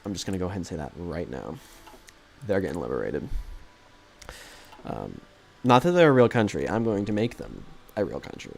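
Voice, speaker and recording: Name: gravelly, animated male streamer. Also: deep voice, fairly quick, a little hiss or hum. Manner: rambling, jokey, self-correcting. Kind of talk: casual live gameplay commentary.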